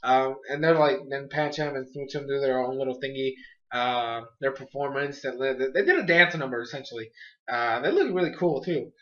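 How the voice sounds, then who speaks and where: A man's voice: mid-range voice, moderate pace, a bit bright, lo-fi sound. A man casually reviewing a cartoon episode, rambling with lots of fillers and amused asides.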